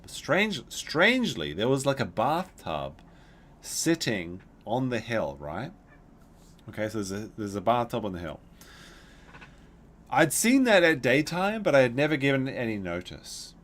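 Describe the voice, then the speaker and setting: A man telling a long rambling story while streaming a game, with frequent restarts and asides. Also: mid-range voice. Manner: rambling, animated, with many restarts. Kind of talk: casual livestream storytelling.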